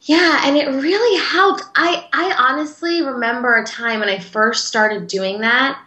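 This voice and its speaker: Woman, interview guest, heartfelt casual talk, bright tone, roomy echo. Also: sits high. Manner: earnest, heartfelt, talks in quick bursts with fillers.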